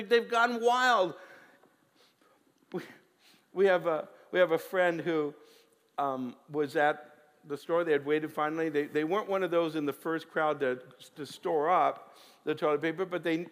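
A man preaching a sermon as a pastor, animated, with frequent restarts and repeated words. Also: a little high, long reverb tail.

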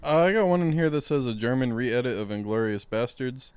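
A man's voice: medium pitch, lively intonation, fairly quick, darkish tone, smooth, no echo. A man on a comedy podcast, reading out joke notes in a dry, matter-of-fact way. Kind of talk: casual comedy banter.

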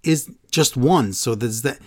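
A man's voice: medium pitch, measured pace, darkish tone, dry recording, clean studio sound. A man in casual chat, animatedly retelling events and quoting people in funny voices. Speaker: podcast co-host recapping wrestling.

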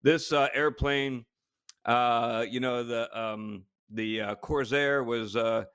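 Guy quoting a polite tour guide, slow, halting. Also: medium pitch, fairly even intonation, fairly bright tone, clear, resonant tone, no echo, studio quality. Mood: lecturing. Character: polite male museum docent, lecturing.

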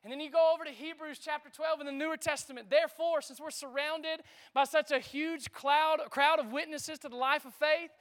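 A man preaching a sermon in a lively, conversational way, calling out to the congregation. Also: very high-pitched, fairly quick. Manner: lively preaching with call-and-response asides. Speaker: pastor.

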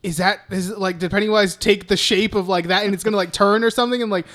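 A man's voice: high voice, steady tone, fast, fairly bright tone. Male podcast co-host, casual and profane, fills every gap with "like" and "uh.". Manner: profane, rambling retelling with lots of fillers. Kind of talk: casual chat recapping a film.

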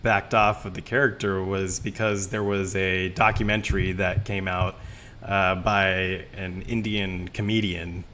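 A man's voice: low voice, flat delivery, unhurried, sharp tone, slight background noise. A man hosting a podcast, talking casually with restarts, fillers and laughs. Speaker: podcast host. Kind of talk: casual chat.

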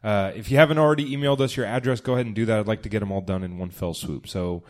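A man's voice: on the low side, very fast, a little mellow. A man hosting a loose comedy podcast, trading jokes and teasing his friends. He laughs often and keeps the chat rolling. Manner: joking, ribbing, laughs often. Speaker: podcast host. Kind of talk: casual comedy podcast banter.

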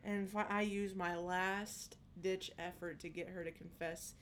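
A woman co-hosting a casual chat, telling a family story in an animated way and acting out the dialogue. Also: lowish voice, unhurried, slight background noise. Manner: animated, acts out quoted dialogue. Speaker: podcast co-host.

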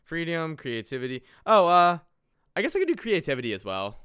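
Lively, laughing man in a casual chat. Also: fairly high pitch, fairly quick, smooth. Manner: animated, laughs often. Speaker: guest player making a character.

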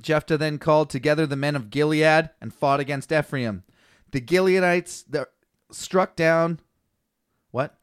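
Man, comedy podcast co-host, reads scripture with stumbles, swears a lot, slightly high voice, dry close sound. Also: unhurried, clear, resonant tone, dry recording. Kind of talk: casual comedic chat.

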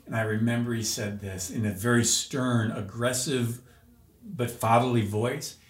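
A man's voice: medium pitch, a little slow. Earnest man sharing a testimony. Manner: earnest, emotional storytelling with restarts. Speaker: podcast guest. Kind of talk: personal testimony in an interview. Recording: roomy echo.

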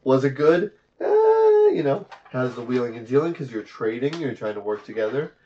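A man's voice: mid-range voice, a little fast. Podcast cohost guy, mid voice, says yep a lot, muffled lo-fi audio. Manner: agreeable, frequent short affirmations. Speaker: podcast co-host. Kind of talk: casual chat about board games. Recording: dull lo-fi audio.

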